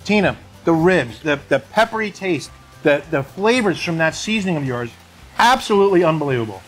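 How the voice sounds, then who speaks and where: A man hosts a casual outdoor grilling video, talking quickly and with plenty of enthusiasm. His voice sits a little high for a man, and he often repeats a word as he goes. Faint music plays under him. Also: lively intonation. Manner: enthusiastic, chatty, repeats words. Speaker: host of a grilling channel. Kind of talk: casual cooking video chat.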